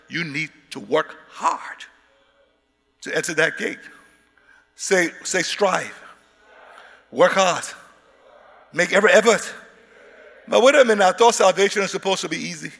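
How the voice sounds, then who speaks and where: Male preacher, bright high voice, shouts for emphasis, reverb-heavy hall. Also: gravelly. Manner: emphatic, repeats words, rises into shouts. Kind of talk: sermon.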